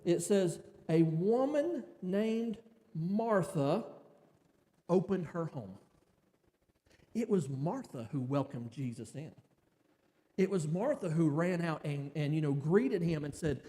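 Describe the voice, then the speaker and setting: A man's voice: fairly high pitch, expressive, slow pace, warm tone, big-room sound. A man giving a conversational church sermon, stumbling and restarting often and filling gaps with "you know". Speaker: preacher.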